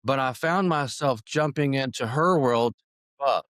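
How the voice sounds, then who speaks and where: A man's voice: medium pitch, moderate pace, a bit bright, no echo, clean studio sound. A man speaking as a guest on an interview podcast, earnest and reflective, with small restarts. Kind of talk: conversational interview.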